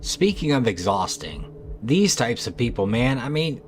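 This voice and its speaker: A man's voice: medium pitch, very animated, measured pace, faint music behind. A man narrating trail cam clips in a scripted, conversational way with skeptical asides.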